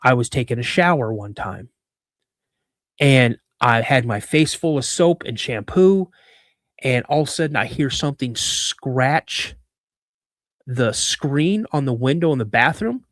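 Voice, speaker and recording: A man quoting his serious father in a hushed, slow voice, pitched a little below his own. The sound is dry and close. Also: animated, dry recording. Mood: recounting. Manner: low, quiet and slow. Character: his stern, hushed father telling of a creature.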